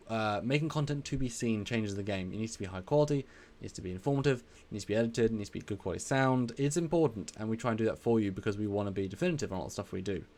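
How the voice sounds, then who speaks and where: Brief: male stream host, lowish voice, warm thanks, rambling and repetitive. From England. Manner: rambling, effusive, repeats himself. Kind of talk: casual live stream chat.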